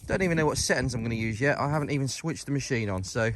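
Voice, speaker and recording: A British man records a casual vlog while metal detecting outdoors in a field, talking to viewers in an upbeat, chatty way and calling them ladies and gents. His medium-pitched voice is expressive and racing, set against heavy background noise.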